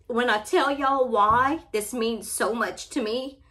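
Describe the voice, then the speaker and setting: A woman's voice: a little high, slow, hardly any pauses, fairly bright tone. A middle-aged woman with a Cajun Louisiana accent, chatting casually in an unboxing vlog, tearful and heartfelt, often apologizing. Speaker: crafting channel vlogger.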